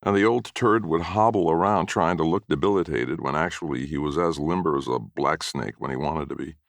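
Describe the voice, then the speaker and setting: A man narrates a short story in a wry, folksy manner. His voice sits extremely low. The recording is dry and close. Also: a little fast, dry recording. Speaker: story reader.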